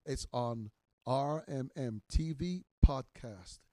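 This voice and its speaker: A man in his sixties, a minister teaching in a podcast sermon, emphatic and repetitive, his voice swelling loud on key words. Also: medium pitch, slow, no echo. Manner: repeats phrases for emphasis.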